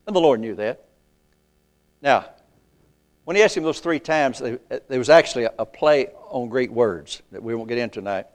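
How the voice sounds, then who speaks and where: Folksy older preacher with a drawl. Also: male voice, medium pitch. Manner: folksy, calls out to the congregation, slows down to recite scripture. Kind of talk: sermon. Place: church.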